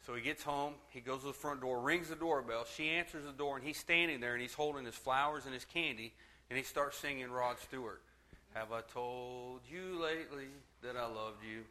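A man in his thirties preaches to his church, chatty and quick to joke and laugh along with the congregation. His voice is bright and forward, and his pitch sits at an ordinary middle for a man. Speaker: pastor. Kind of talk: sermon with humor.

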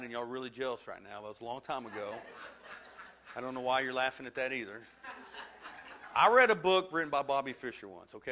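A man's voice: mid-range voice, sharp tone, slight background noise. A man, preaching a sermon and telling a funny personal story with self-deprecating humor. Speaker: pastor.

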